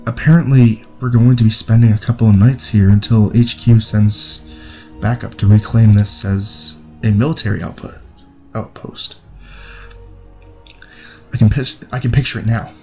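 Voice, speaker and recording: A man's voice: on the low side, fairly even intonation, moderate pace, muffled recording, music in the background, close to an everyday voice. A man voicing a terrified young male soldier writing his diary in a creepypasta reading, stammering and dropping into whispers. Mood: excited. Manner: stammering, panicked, breaking into whispers.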